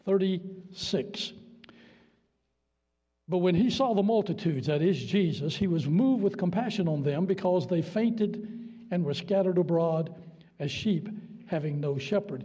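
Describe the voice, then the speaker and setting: In a church sanctuary, a guest preacher from Virginia in his seventies jokes his way through an emphatic, folksy sermon. He has a high-pitched, mellow voice, captured with a dull sound and lengthy reverb.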